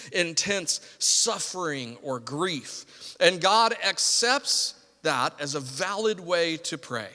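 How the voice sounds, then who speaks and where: An American man serving as pastor delivers a sermon in a bright, fairly high voice. He slips into casual, self-deprecating asides with the congregation. His voice rings out with a long reverb in a church sanctuary.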